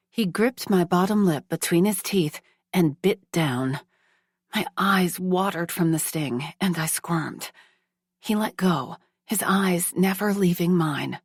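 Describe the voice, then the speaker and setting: A woman narrating a first-person romance audiobook in a slow, hushed, measured reading. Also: on the low side, slightly rough, no echo, clean studio sound.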